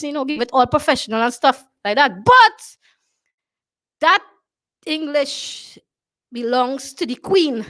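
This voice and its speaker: A woman's voice: high-pitched, a bit bright. A Trinidadian woman hosting a talk show, speaking emphatically, repeating her phrases and often asking "you understand?". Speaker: show host.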